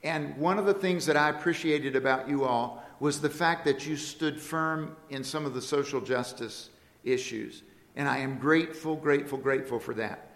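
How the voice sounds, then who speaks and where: A man's voice: medium pitch, moderate pace, fairly bright tone. A man preaching a storytelling sermon in a church, playful and laughing at his own jokes. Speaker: guest preacher. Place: church sanctuary. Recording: echoey church hall.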